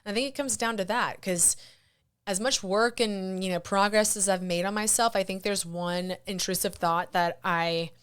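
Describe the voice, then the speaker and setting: A woman's voice: medium pitch, fairly even intonation, normal speed, fairly bright tone, smooth. A young woman hosting a solo podcast, rambling candidly and casually, with the odd swear word. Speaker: podcast host.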